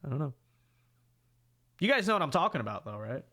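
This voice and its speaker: A man's voice: on the high side, a little fast. A man commenting live on a debate video, talking back to it and reading out viewer donations. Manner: animated, reads out viewer donations. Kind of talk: livestream reaction commentary.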